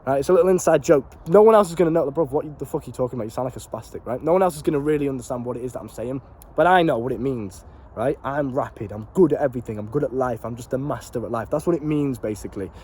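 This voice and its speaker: A man's voice: mid-range voice, fast talker, a little hiss or hum. A young man, telling a casual motivational story about a gaming inside joke. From Britain. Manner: animated and swearing, slangy and repetitive. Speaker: vlogger and life coach.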